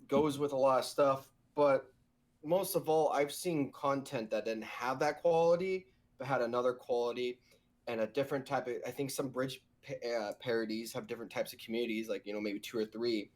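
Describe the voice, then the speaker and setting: A man's voice: mid-range voice, normal speed. A man who voice-directs abridged series, talking thoughtfully in a casual podcast chat with many restarts.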